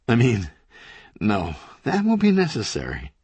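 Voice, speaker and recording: A man voicing a panicky, bossy male bookstore owner who snaps and shouts at his customers. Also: mid-range voice, huge pitch swings, a little slow, husky, dry recording, voice pushed up, heavily acted. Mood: flustered. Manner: frantic, snapping.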